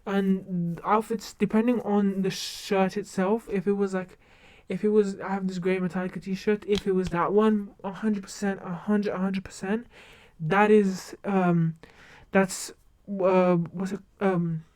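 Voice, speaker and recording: A young woman chats casually to her stream, her voice soft and mellow. She rambles and keeps breaking off to restart her sentences. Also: medium pitch, steady tone, measured pace, hardly any pauses. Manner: rambling, self-interrupting with many restarts. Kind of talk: casual livestream chat.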